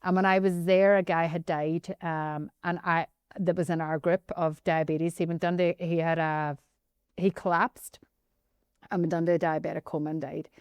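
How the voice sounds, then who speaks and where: A woman with a Northern Irish accent telling a personal story as a podcast guest, animated and often addressing the host by name. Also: lowish voice, moderate pace, smooth, no room sound. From Northern Ireland.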